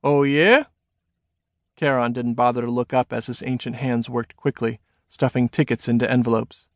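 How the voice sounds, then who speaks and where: A man reading his own novel aloud as a first-person audiobook narration, measured and expressive. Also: mid-range voice, dry recording, studio quality.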